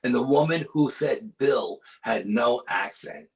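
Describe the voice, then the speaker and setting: A man's voice: mid-range voice, a little slow. A man with a New York accent, a paranormal investigator telling a spooky field story in a casual interview, acting out voices and dropping to a whisper. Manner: animated storyteller, acts out quotes with whispers. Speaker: paranormal and cryptid investigator, guest.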